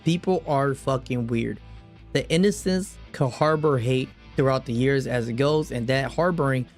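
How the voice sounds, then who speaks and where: Young male streamer, mid-range voice, ranting to chat about a game story, profane and stumbling, soft guitar music under him. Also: mid-range voice, normal speed. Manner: heated, profane, rambling with restarts. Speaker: gaming streamer. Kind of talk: live reaction commentary to chat.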